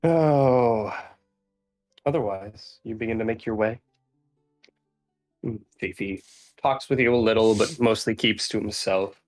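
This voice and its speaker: A man narrating a tabletop game as game master, unhurried and laughing at his own character voices. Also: lowish voice, soft background music.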